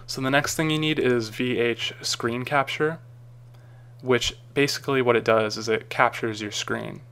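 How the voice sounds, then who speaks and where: Man, tutorial narrator; gravelly, smooth tone, loose rambling delivery. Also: medium pitch, fairly even intonation, unhurried, fairly bright tone. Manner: casual, rambling, frequent ums and uhs. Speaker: tutorial maker. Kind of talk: screen-recorded software tutorial.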